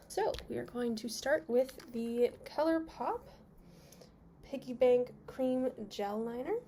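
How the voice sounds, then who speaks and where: A young woman talks through a makeup review in a candid, chatty way and complains openly about what she bought. Her voice sits a little high with a mellow, soft tone, and faint noise hums behind her. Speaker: beauty vlogger.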